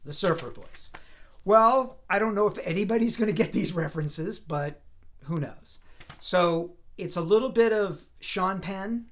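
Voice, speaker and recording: A man's voice: sits high, unhurried. A man in his fifties from the US East Coast, a voice actor chatting casually as a guest over a remote call. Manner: relaxed, rambling, self-deprecating. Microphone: video call.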